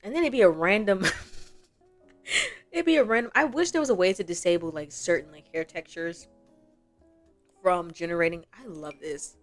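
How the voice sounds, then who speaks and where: A woman's voice: fairly low pitch, normal speed, long pauses, faint music behind. A young woman giving casual gameplay commentary as a gaming creator, chatty and rambling, laughing often.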